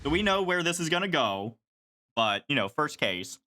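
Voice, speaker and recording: A woman streamer in casual chat, giving quick, chatty commentary. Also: low-pitched, very animated, background noise.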